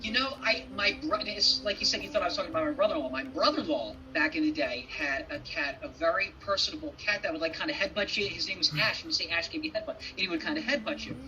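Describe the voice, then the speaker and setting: A man as a podcast guest in casual chat, talking haltingly with many restarts. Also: high-pitched, bright, forceful tone, far from the mic, dull audio, a little hiss or hum. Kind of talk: casual conversation.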